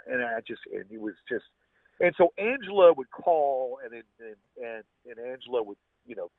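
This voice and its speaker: A man with a husky voice, a podcast guest telling a personal story in a rambling way, restarting his sentences often. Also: mid-range voice, lively intonation, moderate pace, no echo. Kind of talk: casual storytelling. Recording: tinny, phone-like dry sound.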